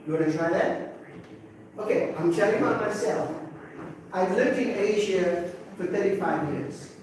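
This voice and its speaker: A man's voice: high voice, normal speed, a little mellow, slight background noise. A man in his sixties from Africa, teaching a class in a conversational way, asking rhetorical questions and checking in with "okay?". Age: 60s. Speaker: English teacher. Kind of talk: classroom talk to students. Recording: very echoey room from far off, faint ambience.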